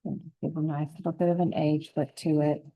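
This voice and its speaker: A woman giving a relaxed, encouraging step-by-step painting lesson, thinking aloud as she paints. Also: sits low, brisk, muffled recording. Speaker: painting instructor.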